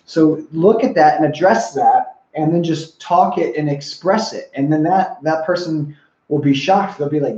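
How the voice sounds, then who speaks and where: A young adult man working as a relationship coach gives a whiteboard-style talk on listening skills, earnest and repetitive, often putting questions to the viewer. His voice is on the high side with a dark tone and measured pace, in a reverberant, muffled recording.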